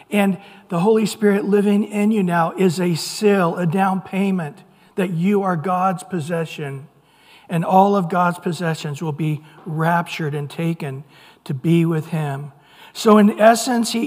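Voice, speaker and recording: A middle-aged pastor preaches in an earnest, conversational way, his voice sitting high for a man. He drops into playful put-on voices now and then. Long reverb hangs behind him in the sanctuary. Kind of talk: sermon. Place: church sanctuary.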